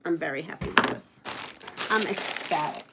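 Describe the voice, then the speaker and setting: A woman's voice: sits low, moderate pace, noisy background. A middle-aged woman hosting a quilting channel, chatting casually at home while sewing and reading viewer comments aloud.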